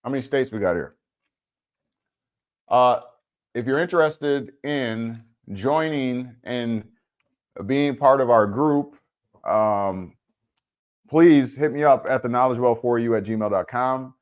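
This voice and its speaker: A man's voice: mid-range voice, slow pace, long pauses. A man hosting a casual livestream, chatting laid-back and informally with viewers, answering their comments and using plenty of fillers. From Wisconsin. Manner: informal speech with frequent fillers. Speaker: livestream host.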